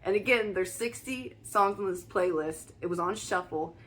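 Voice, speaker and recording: A woman's voice: fairly low pitch, moderate pace, fairly bright tone. A young woman vlogger telling a personal spiritual story in a casual, emphatic way, full of restarts and fillers.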